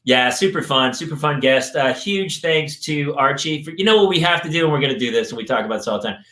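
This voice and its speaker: A man's voice: fairly high pitch, expressive, fast talker, bright, forceful tone. A man hosting a podcast in casual chat, joking with his guests and wrapping up the show. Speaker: podcast host. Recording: roomy echo.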